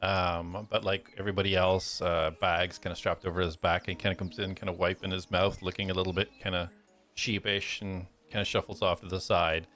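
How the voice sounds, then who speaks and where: A man's voice: low-pitched, level tone, a little fast, a bit bright. A man narrating a tabletop game as game master in a loose, filler-filled way.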